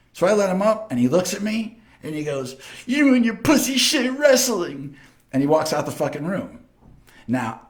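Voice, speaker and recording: A man from Long Island with a New York accent, hosting a show and telling stories in a boastful, profane, casual way. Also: mid-range voice. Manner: animated, boastful, heavily profane. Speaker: host. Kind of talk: casual storytelling.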